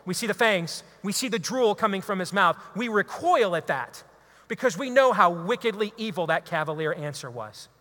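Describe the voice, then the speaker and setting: A high, bright-toned man delivers a fervent talk to a live audience, pressing his points like a preacher. His voice rings out with a long reverb that trails each line. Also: animated, normal speed. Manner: preachy, emphatic, builds to loud exhortations. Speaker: radio talk show host giving a talk. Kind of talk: impassioned speech to a live audience.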